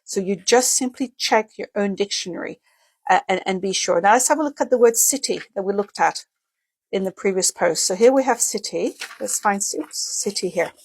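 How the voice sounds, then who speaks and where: A woman's voice: medium pitch, expressive, normal speed, slightly rough. A woman teaching a casual video lesson on a dictionary's pronunciation key, explaining step by step and sounding out example words, with small slips and self-corrections. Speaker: English teacher.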